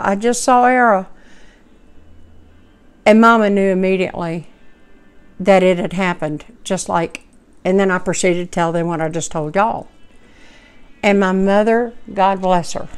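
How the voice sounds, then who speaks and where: Woman in her 50s, folksy vlogger with a smooth, clear tone. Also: on the low side, darkish tone. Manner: heartfelt, rambling, folksy. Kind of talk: personal storytelling to camera.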